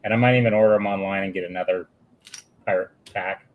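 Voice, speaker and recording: A man's voice: low voice, fairly even intonation, fast, phone-quality sound, a little hiss or hum. A man chatting casually with friends, laid-back and trailing off as he talks. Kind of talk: casual chat among friends.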